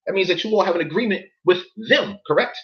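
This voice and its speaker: A man's voice: high-pitched, expressive, quick pace, highs cut off. A man reading documents aloud in casual commentary to viewers, incredulous and profane, often stopping to ask them questions.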